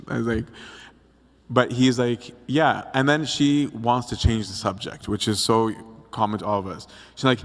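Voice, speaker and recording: A man's voice: lowish voice, normal speed, a bit bright. Casual preaching man in a reverberant hall. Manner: conversational, acts out quotes, frequent "right?". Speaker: priest. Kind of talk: casual youth talk on scripture. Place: church hall.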